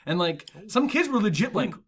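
A podcast host in his twenties rambles through stories in casual chat, using lots of filler words. He is animated and keeps slipping into comic voices, speaking at a moderate pace in a high-pitched voice with a breathy edge.

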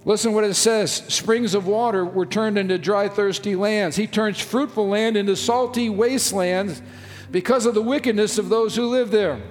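A man's voice: high-pitched, fairly even intonation, moderate pace. A man preaching a sermon as pastor, reading scripture and stretching key phrases for emphasis. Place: church sanctuary. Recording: long reverb of a church hall.

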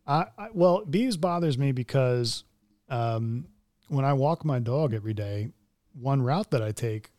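A man co-hosting a casual podcast chat, launching into animated, joking rants with a stubborn streak. His voice sits in a middle range and sounds dry and close to the mic. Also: medium pitch, a little slow, dry recording. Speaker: podcast co-host.

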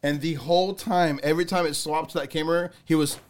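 A man co-hosting a podcast in casual chat, joking and quick to laugh. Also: fairly high pitch, fairly even intonation. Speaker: podcast co-host.

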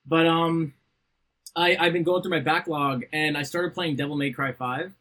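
A man's voice: fairly high pitch, steady tone, normal speed, a bit bright. A man co-hosting a podcast, joking crudely and laughing often in casual chat. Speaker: podcast co-host.

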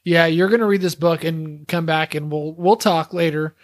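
A man co-hosting a podcast chats casually and teases his co-host with mock outrage and joking profanity. His fairly high voice stays fairly even in intonation at a moderate pace, in clean studio sound with no room sound.

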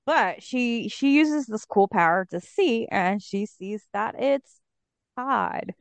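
A woman's voice: fairly high pitch, expressive, slow pace, creaky, no echo. A woman co-hosting a podcast, chatting casually and animatedly with playful asides as she recaps an episode. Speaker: podcast co-host. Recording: dry, dull lo-fi mic.

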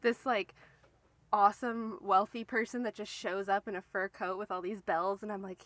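A woman's voice: medium pitch, flat delivery, normal speed, fairly bright tone, dry recording. A woman co-hosting a podcast in casual chat, chatty and self-deprecating, laughing often, sounding slightly stuffy while recovering from illness. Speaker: podcast co-host.

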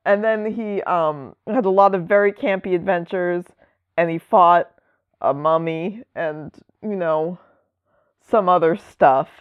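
Woman, co-host, casual chat, unhurried, dry close sound, slightly muffled. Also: on the low side, clear, resonant tone, no echo. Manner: chatty, explaining at length with asides. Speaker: podcast co-host. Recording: dull lo-fi sound.

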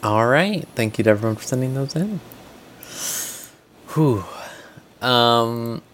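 A man hosting a podcast in casual chat, relaxed and full of fillers. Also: medium pitch, slow, a little hiss or hum. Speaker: podcast host.

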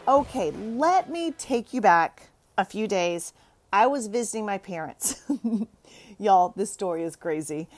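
A woman hosting a show for moms, chatting to the camera and telling a story in an expressive way, often laughing. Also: mid-range voice.

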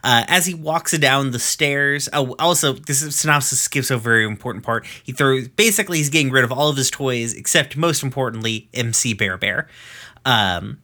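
A man in his thirties talks loosely through an episode recap, and his voice has a bright, forceful edge. He rambles and swears freely, with plenty of fillers and restarts. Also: mid-range voice, normal speed. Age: 30s. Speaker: podcast host recapping episodes. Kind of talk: casual chat.

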